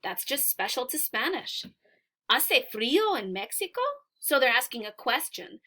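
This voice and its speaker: A woman teaching Spanish to beginners, reading a short story aloud and explaining it word by word, slowly and patiently. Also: on the high side, very animated, pushed and bright.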